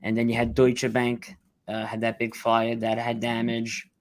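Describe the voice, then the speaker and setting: A middle-aged man, a rescue worker telling his story in an interview, blunt and halting, fighting back tears. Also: mid-range voice, monotone, no room sound. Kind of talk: emotional storytelling.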